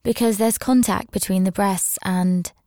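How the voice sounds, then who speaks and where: A woman's voice: mid-range voice, steady tone, dark tone, no echo, studio quality, close to an everyday voice. A woman voicing a shy, hesitant young female nursing student in an audio story. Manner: halting, hesitant.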